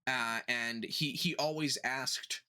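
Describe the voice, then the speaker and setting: A man's voice: medium pitch, fairly even intonation, takes it slowly, pushed and bright, smooth. A man co-hosting a casual comedy podcast, retelling a chat with swearing and exasperated disbelief. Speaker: podcast co-host.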